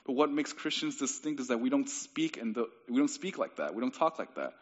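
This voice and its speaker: A young man delivers a sermon in an easygoing, conversational manner, often restarting his phrases. His voice sits in a middle pitch. The recording sounds a bit dull and lo-fi. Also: very animated, fairly quick. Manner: casual, conversational preaching with frequent restarts. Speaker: pastor.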